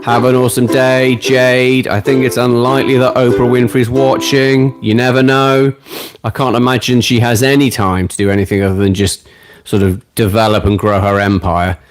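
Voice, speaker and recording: A man's voice: medium pitch, level tone, moderate pace, over music. A British man in his late forties, hosting a ukulele live stream in a chatty, self-deprecating, joking way. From Britain. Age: late 40s. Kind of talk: casual live-stream chat. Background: ukulele playing.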